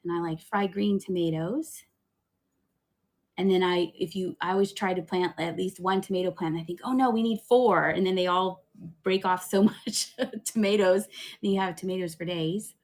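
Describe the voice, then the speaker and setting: A woman's voice: fairly low pitch, little pitch movement, moderate pace. Chatty giggling woman running a live sale. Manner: chatty, giggly, thinks aloud while selling. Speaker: online auction seller. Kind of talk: live-stream selling chat.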